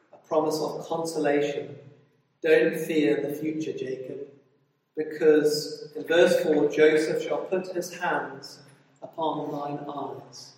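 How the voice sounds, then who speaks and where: Male preacher, emphatic sermon delivery, fairly high voice, distant mic in a reverberant hall. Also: darkish tone. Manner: emphatic preaching, rising and falling in volume, with repeated words. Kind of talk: Bible study sermon.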